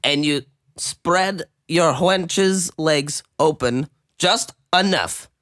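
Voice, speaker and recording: A man's voice: a little high, extremely slow, fairly bright tone, no room sound, clean studio sound. A man co-hosting an improvised comedy chat, putting on an old-timey commoner accent that keeps drifting. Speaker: podcast co-host.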